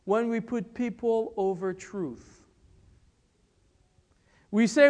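A man from the Republic of the Congo preaching a sermon, emphatic and full of rhetorical questions and pauses. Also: very high voice, fairly even intonation. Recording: long church-hall reverb.

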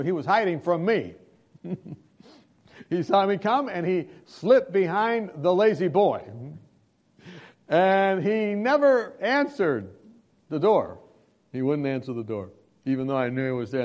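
A male preacher recounts a personal story to his congregation, his voice rising and falling with lively swings. The delivery is self-deprecating and conversational, pitched slightly above the usual male range. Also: dull audio. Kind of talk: sermon storytelling.

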